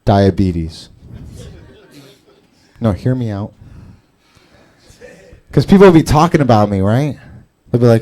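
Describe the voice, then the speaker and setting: A man's voice: mid-range voice, very animated, slow, pauses often, dark tone. A man doing open mic stand-up, rambling and profane, laughing at his own jokes. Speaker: stand-up comedian. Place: comedy club stage.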